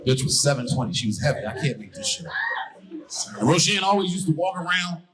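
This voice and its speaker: A man performing a stand-up comedy set on stage, telling profane stories loudly and baiting the crowd. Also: fairly high pitch, big pitch swings, quick pace, poor audio. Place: comedy stage before a live audience. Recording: live crowd laughter and applause. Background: audience laughing and clapping.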